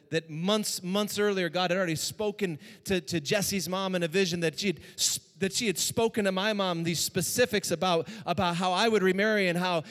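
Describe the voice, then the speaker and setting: A man preaching a sermon as pastor, moving between hushed personal tones and raised, urgent exhortation. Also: sits high, long reverb tail.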